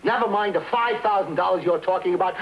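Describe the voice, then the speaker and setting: A man's voice: sits high, fast talker. An actor playing a stubborn cabbie who bluntly demands his money, in a 1960s TV drama on a dull old soundtrack with hiss. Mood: indignant. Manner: blunt, emphatic, threatening.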